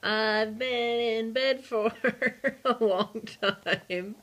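A woman's voice: on the high side, drawn-out words, a bit bright. Chatty giggly woman vlogging. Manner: chatty and giggly, talks to her dog. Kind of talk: casual vlog talking to camera. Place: indoors then outdoors in heavy rain. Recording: muffled with background noise.

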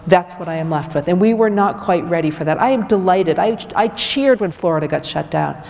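A woman's voice: on the low side, animated, fairly quick, gravelly, darkish tone. A woman physician giving a direct, emphatic public health lecture to a community audience. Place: community event hall. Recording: long reverb of a hall.

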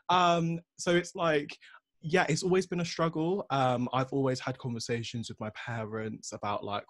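A young man hosting a podcast, telling stories in a passionate, animated way during a casual discussion. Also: mid-range voice, normal speed, dry recording. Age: young adult. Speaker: podcast host.

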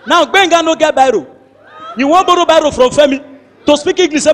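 A man's voice: very high-pitched, fairly quick, long reverb tail. A young Nigerian man with a Nigerian accent, telling a comic story in pidgin and doing the characters' voices. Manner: animated, switching into character voices and laughing. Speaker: comedian narrator.

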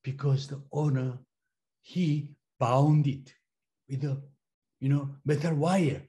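A middle-aged man whose first language is Korean, a pastor giving a testimony in a slow, halting way, repeating phrases as he goes. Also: mid-range voice, lively intonation, mellow. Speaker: pastor and former missionary. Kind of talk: sermon-style personal testimony.

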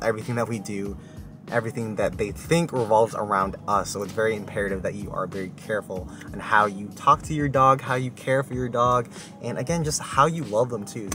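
A young man talking casually to camera in a relaxed, chatty vlog, with faint music behind him. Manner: relaxed, chatty, talks to his dog in a high excited voice. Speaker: vlogger and dog owner.

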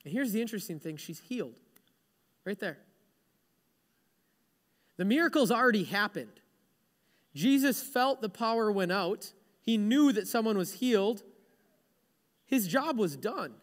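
A man's voice: sits high, big pitch swings, unhurried, pauses often, long reverb tail. A male pastor preaching a sermon, retelling stories with humorous, self-deprecating asides.

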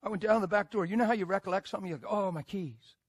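A male preacher telling a story in a sermon, animated and emphatic, moving between loud bursts and hushed asides. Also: sits high, racing, breathy edge, dry recording.

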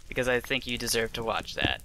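A man's voice: mid-range voice, expressive, fast talker, noisy background. A young man giving casual, self-deprecating commentary as he plays, thinking aloud as he goes. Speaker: let's play host. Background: game music.

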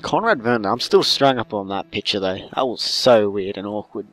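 Lively, rambling male gamer. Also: on the low side, moderate pace, soft background music. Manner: rambling, swears, jokes to himself. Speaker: gamer playing through a story game. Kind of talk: casual gameplay commentary.

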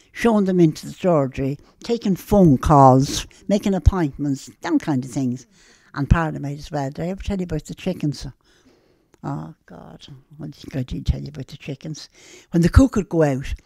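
An elderly Irish woman with a Dublin accent, telling stories from her youth to an interviewer in a lively, plain-spoken way. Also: low-pitched, no echo. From Ireland. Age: older. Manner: lively and plain-spoken, acting out old conversations. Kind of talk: storytelling reminiscence.

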